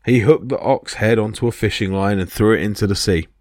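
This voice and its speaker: A man's voice: fairly low pitch, brisk, no room sound, studio quality. A man narrating myths as a podcast storyteller, reading expressively. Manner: expressive reading that voices each character.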